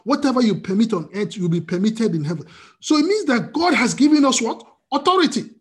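A male pastor preaches with a mid-pitched voice that leaps up and drops down in lively swings. He fires questions at his listeners and answers them himself. It is a streamed church service. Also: a little fast. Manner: animated preaching with call-and-response questions. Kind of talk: sermon.

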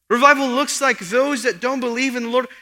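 A man's voice: very high-pitched, measured pace, bright, forceful tone. A man preaching an expository sermon as pastor, earnest and rising for emphasis. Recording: long hall reverb.

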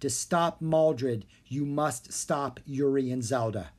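A reader putting on a wise dragon in a storybook, calm and slow. The voice stays steady and even. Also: mid-range voice.

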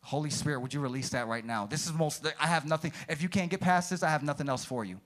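High-voiced pastor preaching with fire. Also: male voice, quick pace. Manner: energetic, rises to high shouted peaks then drops low; calls out "come on", "praise the Lord" to the congregation. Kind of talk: sermon. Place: church.

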